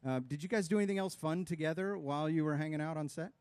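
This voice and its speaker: A man's voice: fairly high pitch, fast talker, darkish tone, smooth, dry recording. A man co-hosting a live talk show, upbeat and enthusiastic as he asks questions. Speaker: show co-host.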